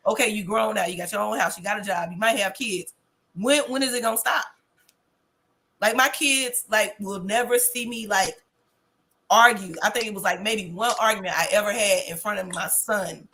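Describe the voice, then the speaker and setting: Bright-voiced woman, blunt casual storyteller. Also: mid-range voice, moderate pace. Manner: animated storytelling with blunt slang. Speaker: podcast co-host. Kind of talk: casual chat.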